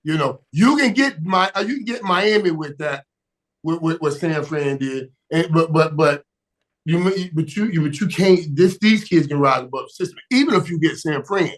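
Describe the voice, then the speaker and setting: Guest spot: excitable high-pitched man, repeats himself, punches words hard. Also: normal speed. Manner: emphatic, repeats words, shouts for emphasis, laughs often. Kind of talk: animated sports talk.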